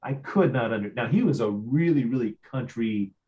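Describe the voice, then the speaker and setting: A man's voice: medium pitch, expressive, normal speed, lo-fi sound. A man with a Midwestern accent hosting an interview, chatty and telling stories with frequent stammers and repeats. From Ohio. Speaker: host. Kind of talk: casual interview chat.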